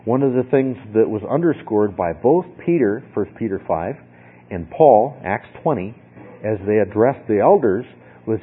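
Husky man teaching scripture over tinny audio. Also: fairly low pitch, lively intonation, moderate pace. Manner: conversational, repeats "okay?" to check in. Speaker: Bible teacher. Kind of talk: sermon. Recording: tinny phone-like sound.

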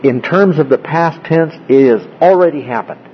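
A man's voice: on the high side, moderate pace, muffled recording, slight background noise. A man leading a classroom Bible study, explaining word by word and often checking in with his class. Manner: explanatory, asks frequent check-in questions.

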